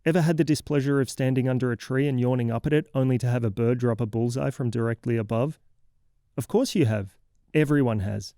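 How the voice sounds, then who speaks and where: A man's voice: medium pitch, brisk, dark tone, no room sound, clean studio sound, lightly acted. A man doing a cranky scolding neighborhood crank. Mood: sardonic lecturing. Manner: sarcastic, theatrical scolding. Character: cranky scolding older man lecturing a kid. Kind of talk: comic horror audio fiction monologue.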